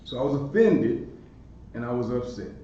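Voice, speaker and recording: A podcast host in his forties tells a story with animation in a mellow, darker voice. He sits far from the mic in a very echoey room, and the recording sounds dull and lo-fi with faint noise underneath. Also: mid-range voice, lively intonation, moderate pace. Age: 40s. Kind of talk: storytelling monologue.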